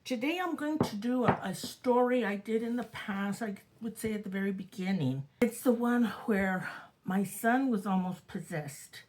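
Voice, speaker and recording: A woman's voice: medium pitch, expressive, normal speed, a little mellow, a little hiss or hum, poor audio. An older woman casually retelling a spooky true story from her own family, chatty and dramatic. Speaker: storyteller host. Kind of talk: casual spoken ghost story.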